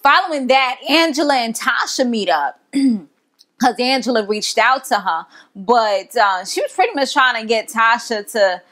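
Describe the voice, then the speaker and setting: A woman's voice: a little high, animated, a little slow, a bit bright. Chatty young woman recapping a show. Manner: chatty, slangy, laughs while retelling. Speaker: TV show reviewer. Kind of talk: casual episode recap.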